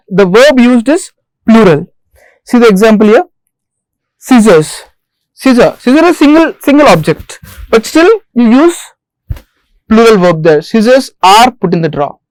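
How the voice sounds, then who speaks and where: Deliberate male lecturer. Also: extremely high pitch, dry recording, poor audio. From India. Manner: repeats rules and examples deliberately; stresses single words slowly. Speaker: English lecturer. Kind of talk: recorded grammar lecture.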